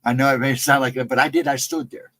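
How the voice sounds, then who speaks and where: A man casually telling a personal encounter story, rambling and jumping sharply higher in pitch when he quotes himself. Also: fairly even intonation, quick pace, pushed and bright, no room sound, poor audio. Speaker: guest storyteller.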